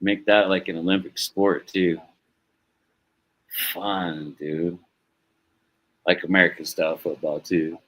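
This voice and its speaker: A man's voice: deep voice, flat delivery, takes it slowly, pauses often, a bit bright, rough recording. A man hosting a live stream, chatting casually about sports in a rambling, laid-back way and swearing now and then. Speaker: stream host.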